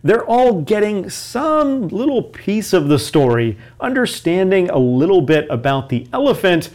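A man's voice: high voice, sing-song, measured pace, a little mellow. A man co-hosting a lesson, explaining a story and defining words for learners. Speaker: co-host and teacher.

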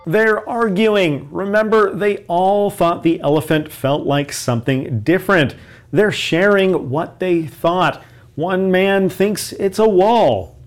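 A man's voice: sits high, takes it slowly. A man co-hosting a lesson, explaining a story and defining words for learners. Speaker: co-host and teacher.

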